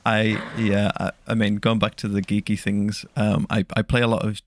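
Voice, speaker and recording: A young English man speaking softly as an interview guest, in hesitant, soft-spoken chat full of ums. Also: on the low side, flat delivery, moderate pace, no echo. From England. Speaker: guest ASMR creator.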